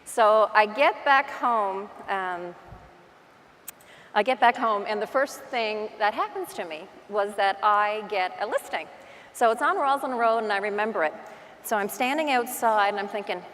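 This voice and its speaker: A woman's voice: on the high side, normal speed, fairly bright tone, big-room sound, slight background noise. A woman with a Newfoundland accent giving a chatty, self-deprecating conference talk from a stage microphone. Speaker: real estate agent giving a conference talk. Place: large conference hall.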